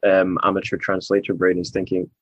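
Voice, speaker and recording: A man's voice: low-pitched, completely flat delivery, fairly quick, husky, dry recording. A man hosting a podcast, interviewing a guest in a friendly, joking way. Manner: friendly, joking, stumbles over names. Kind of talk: casual interview chat. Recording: dry, dull lo-fi remote recording.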